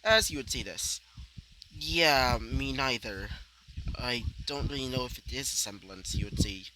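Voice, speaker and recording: A man's voice: mid-range voice, a little slow, pushed and bright, a little hiss or hum, poor audio. Rambling man narrating a fan story. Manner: rambling, filler-heavy, ranting asides. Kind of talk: casual fan-fiction narration.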